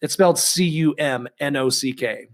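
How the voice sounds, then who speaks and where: A man's voice: fairly high pitch, moderate pace. A man co-hosting a casual podcast, rambling and chatty with lots of ums and restarts. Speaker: podcast co-host.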